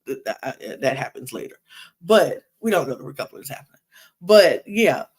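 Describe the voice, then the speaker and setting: A woman's voice: very deep voice, normal speed, slightly rough. Podcast lady going off about a reality show, voice jumping all over, exasperated asides. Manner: animated, exasperated ranting with lots of asides. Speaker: podcast host. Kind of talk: reality TV recap chat.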